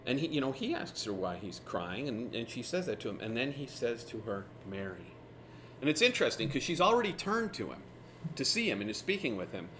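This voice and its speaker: A man teaching through a Bible passage in a relaxed, conversational way, retelling the scenes with lively asides. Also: mid-range voice, a little fast, slight background noise. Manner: casual, animated retelling of scripture scenes.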